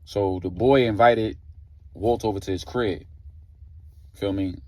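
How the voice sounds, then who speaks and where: A man's voice: fairly low pitch, a little slow, mellow, no room sound. A man retelling a story in a casual, slangy way, leaning on "like" and "you know" as he goes. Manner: slangy, loose, heavy on filler "like".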